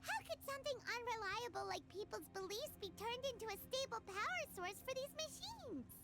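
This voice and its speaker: A woman's voice: extremely high pitch, lively intonation, moderate pace. A woman voicing a small, curious female fairy companion in a video game, asking eager questions. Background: game music.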